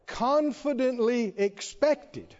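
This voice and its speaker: High-voiced preacher in an echoing church. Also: male voice, takes it slowly. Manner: animated storytelling with humor, calls for congregation responses. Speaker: pastor. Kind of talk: sermon. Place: church sanctuary with congregation. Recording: dull reverberant church recording.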